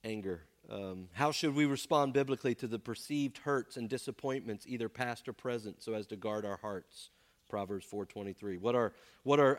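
Emphatic preacher in a reverberant hall. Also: male voice, on the low side. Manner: emphatic, with frequent rhetorical "right?". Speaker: pastor. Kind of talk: sermon.

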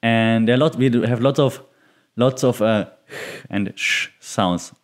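A middle-aged German man hosts his own podcast, and his German accent runs all through it. He rambles in a relaxed, chatty way and often laughs at himself. His voice sits in an ordinary middle register. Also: mid-range voice, a little slow. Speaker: podcast host. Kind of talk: solo podcast monologue.

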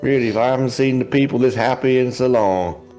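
A man's voice: medium pitch, fairly quick, warm tone, soft background music, natural voice. A man voicing Great Mama, a folksy, pious older swamp woman with a drawling, homespun manner.

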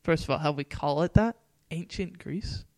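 A man's voice: a little high, moderate pace, a little mellow. A young man co-hosting a casual chat podcast, laid-back and musing aloud, laughing easily. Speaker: podcast co-host.

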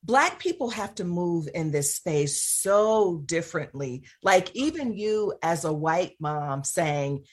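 A woman hosting a talk show and interviewing her guest in a measured, encouraging way. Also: fairly low pitch, expressive.

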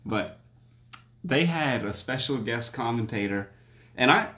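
A man in casual podcast chat who laughs easily and rambles, starting sentences over as he goes. His voice is mid-pitched and sounds roomy and echoey. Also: expressive, a little slow, pushed and bright. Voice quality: laughs often, rambling restarts. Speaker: podcast co-host, combat sports commentator.

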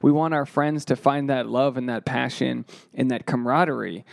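Gravelly-voiced man hosting a solo podcast. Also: medium pitch, fairly quick, no room sound, clean studio sound. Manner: loose, profane, self-deprecating banter. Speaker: podcast host and comedian.

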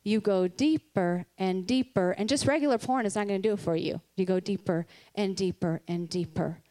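A woman speaks in an earnest, conversational sermon style, mixing personal stories with faith. Her delivery is candid and personal, and she laughs now and then between points. Her pitch sits in an ordinary middle range for a woman. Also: moderate pace, dark tone. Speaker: Christian speaker.

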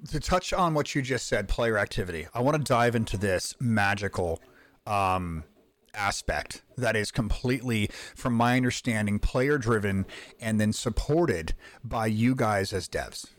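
A man hosting a podcast interview, telling rambling, excited stories and swearing casually. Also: fairly low pitch, measured pace. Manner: excited rambling storyteller who swears freely. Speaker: podcast host.

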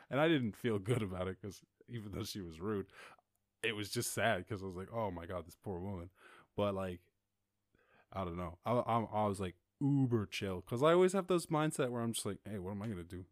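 Low-voiced man telling a rambling story. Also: a little fast, dry recording, studio quality. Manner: rambling, animated, mimics others in high voices. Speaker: podcast host. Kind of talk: casual storytelling monologue.

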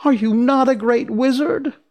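A man voicing an earnest young girl in a storybook reading, speaking high and eager. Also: sing-song, slow, creaky, a little mellow, exaggerated voice. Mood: astonished.

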